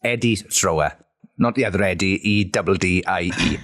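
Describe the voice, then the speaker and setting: A man's voice: low voice, moderate pace, fairly bright tone. A man co-hosting a podcast over a video call, swearing freely and laughing through casual banter. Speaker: podcast co-host. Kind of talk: casual chat.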